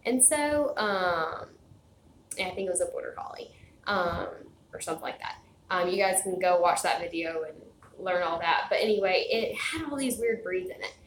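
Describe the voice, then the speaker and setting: A woman's voice: lowish voice, lively intonation, moderate pace, echoey room, a little hiss or hum, rough recording. A woman chatting casually to her viewers at home, rambling with lots of fillers and restarts. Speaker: vlogger. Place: home, indoors. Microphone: phone camera.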